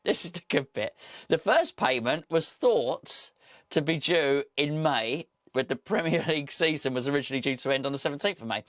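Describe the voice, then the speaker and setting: A man's voice: fairly high pitch, animated, moderate pace, fairly bright tone, no echo, studio quality. A man hosting a solo football podcast, reading out news and adding wry, sarcastic asides.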